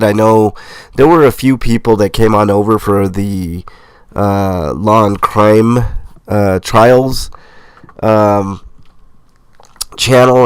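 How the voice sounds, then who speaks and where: Congested, low-voiced man hosting a livestream. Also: smooth, no room sound. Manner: relaxed, rambling, with fillers and laughs. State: sick, congested nasal voice. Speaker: host. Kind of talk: casual livestream chat reading comments.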